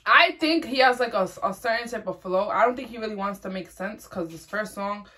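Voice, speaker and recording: A young woman from Rhode Island chats casually while reacting to songs. Her delivery is slangy and rambling, full of restarts. Her pitch sits in a middle range. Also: brisk, bright, forceful tone. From Rhode Island, USA. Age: young adult. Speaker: music reaction host. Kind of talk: casual chat.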